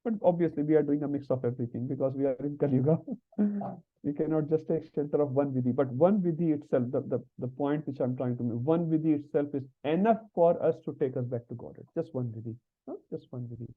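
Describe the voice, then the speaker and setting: A man's voice: fairly high pitch, fast talker. A man teaching an online scripture class, chatty and asking little tag questions. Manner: conversational, frequent tag questions. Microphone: video call. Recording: tinny phone-like call audio.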